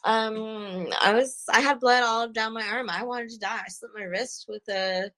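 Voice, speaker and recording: A young woman giving a halting personal testimony as a guest, soft-spoken with many pauses. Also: a little high, steady tone, poor audio. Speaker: guest sharing her story.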